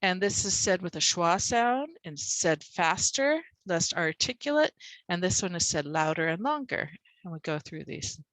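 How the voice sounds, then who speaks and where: A woman's voice: fairly low pitch, big pitch swings, normal speed, a bit bright, dry recording, rough recording. A woman tutor explaining how she teaches word stress, talking casually over a video call and acting out stressed words with extra punch. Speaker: reading and spelling tutor.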